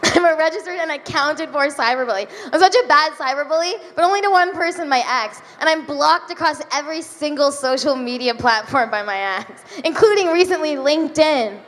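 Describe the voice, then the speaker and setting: On a comedy club stage before a live audience, a young woman with a high voice does stand-up, giggly and self-deprecating, stretching out deadpan asides. The live recording has reverb and faint room noise.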